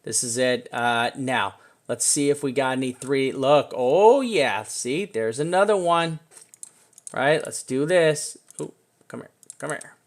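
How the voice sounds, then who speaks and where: A chatty man walks through trading charts with loose, excitable energy. He talks at mid pitch and fires off asides to the chart as he goes. Now and then he drops a casual swear. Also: unhurried. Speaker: crypto chart analyst. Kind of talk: casual screen-share chart walkthrough.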